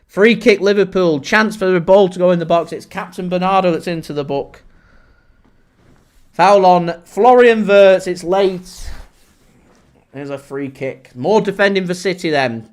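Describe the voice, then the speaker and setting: Guy doing live match commentary for his fan stream, fairly high voice, gets loud and excitable when it kicks off. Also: a little slow. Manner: excitable, shouts and laughs in disbelief at big moments. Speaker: football fan channel host.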